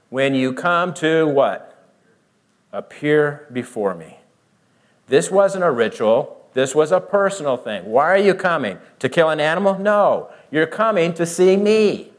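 A man preaching a verse-by-verse Bible teaching. He explains by asking questions and answering them himself, rising for emphasis and dropping low to explain. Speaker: pastor.

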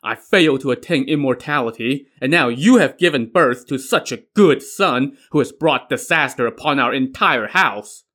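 A man's voice: mid-range voice, animated, moderate pace, few pauses, bright, forceful tone. A man doing a fretful middle-aged officer father. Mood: distraught. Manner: anxious, scolding outbursts.

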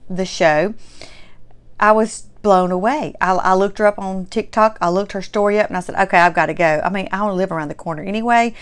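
A woman's voice: mid-range voice, brisk, clear, resonant tone. A woman with a Mississippi Southern accent hosting her own vlog, chatting in a folksy, enthusiastic way and repeating words for emphasis. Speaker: host.

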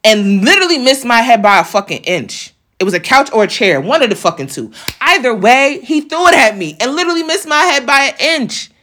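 A woman's voice: a little high, fairly quick, hardly any pauses. A young woman telling a story in a casual, profane way, acting out the voices of the people in it. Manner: animated, profane, acts out quoted voices.

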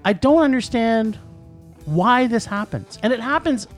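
Excitable guy on a podcast going off about films, high voice jumping all over. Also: measured pace, faint music behind. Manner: animated, ranting, laughs often. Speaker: podcast co-host. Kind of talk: casual podcast movie rant.

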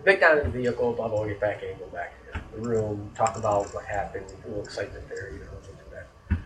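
A man's voice: lowish voice, fast, roomy sound, distant mic, background noise. A man telling a story in casual chat, rambling and swearing, getting worked up when annoyed.

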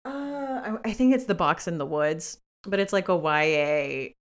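A woman's voice: lowish voice, lively intonation, a little slow. A woman hosting a podcast from her home studio, chatting casually and recommending books with enthusiasm. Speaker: podcast host. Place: home work space. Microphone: professional studio microphone.

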